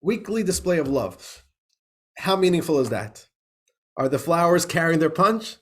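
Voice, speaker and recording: A rabbi teaches an informal class in a chatty, questioning way. His voice sits a little high for a man, and he laughs often and breaks off to restart his sentences. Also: sing-song, normal speed. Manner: conversational, laughing, lots of "right?" and restarts. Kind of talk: informal class lecture with a joke.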